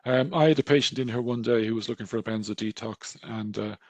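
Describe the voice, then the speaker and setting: A man's voice: medium pitch, fast, no echo. A middle-aged Irish man, a doctor giving a webinar lecture, telling stories conversationally and acting out the dialogue. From Ireland. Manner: conversational storytelling, acts out quoted dialogue. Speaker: GP presenting a webinar.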